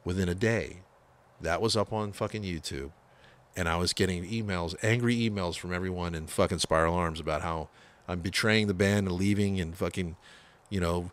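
A man from the San Francisco Bay Area, a metal guitarist telling his band's story in a casual, profane, animated way, acting out what people said. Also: deep voice, moderate pace, pauses often. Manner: profane, animated storyteller, acts out quoted voices.

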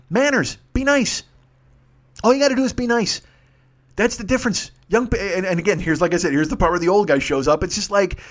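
A man, hosting a podcast and telling rambling, profane stories in a casual solo monologue. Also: sits high. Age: 50s. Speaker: podcast host.

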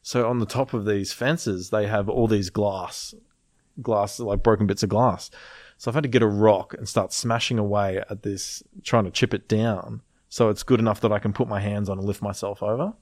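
Low-voiced man telling a story. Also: moderate pace, dry recording, studio quality. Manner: animated, swearing, laughing through the story. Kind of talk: casual storytelling chat.

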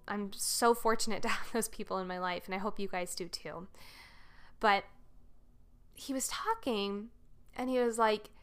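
A woman's voice: mid-range voice, a bit bright, clean tone. A woman hosting a podcast, telling a personal story casually and earnestly, with lots of "like" fillers. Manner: chatty, frequent "like" fillers, earnest. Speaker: podcast host.

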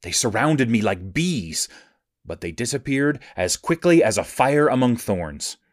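A man reading scripture aloud in a measured, even reading cadence. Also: medium pitch, no echo, clean studio sound. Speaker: scripture reader.

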